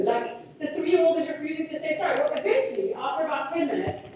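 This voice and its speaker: A woman in her thirties giving a talk, telling stories in a candid, self-deprecating and animated way. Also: sits high, quick pace, a little hiss or hum. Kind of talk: storytelling talk. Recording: very echoey hall, mic far off.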